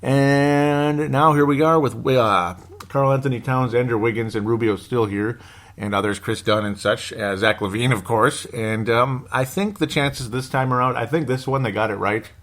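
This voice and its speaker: A man's voice: mid-range voice, moderate pace, fairly bright tone. A man hosting a casual sports fan podcast, rambling and chatty as he reads out listener comments. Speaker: podcast host.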